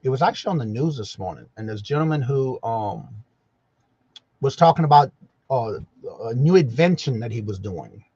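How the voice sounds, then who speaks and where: Casting: male stream host, lively sing-song greetings, dry lo-fi sound. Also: medium pitch, normal speed, husky, no echo. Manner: greets viewers by name with a repeated welcome; rambling, folksy, self-correcting. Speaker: livestream host. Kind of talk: casual live-chat morning show.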